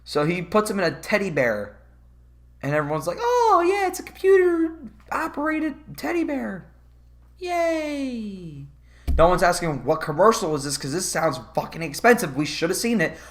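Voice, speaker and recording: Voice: mid-range voice, brisk. A vlogger ranting about a movie in a casual comedic review, swearing often and laughing. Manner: profane, animated, laughing.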